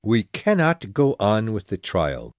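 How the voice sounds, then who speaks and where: A woman reading an audiobook voices a pompous, fussy old king presiding over a trial in a deep, gruff, commanding tone. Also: wildly swooping pitch, unhurried, a little mellow, no room sound, studio quality, full character voice. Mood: grave.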